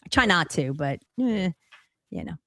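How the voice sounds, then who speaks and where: A woman's voice: on the low side, very animated, normal speed, vocal fry, pushed and bright, no echo. A woman with a New Jersey accent, chatting and telling stories with laughs as a podcast guest. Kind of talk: casual chat.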